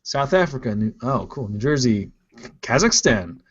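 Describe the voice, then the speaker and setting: A man's voice: mid-range voice, sing-song, moderate pace, a loud crowd. A man from Ohio hosting a live-stream podcast, casually chatting and playfully reading out viewer comments. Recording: dull lo-fi stream audio.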